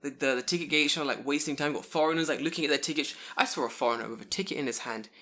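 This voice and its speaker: A man hosting a casual podcast, telling animated stories and swearing freely. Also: fairly high pitch, racing. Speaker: podcast host.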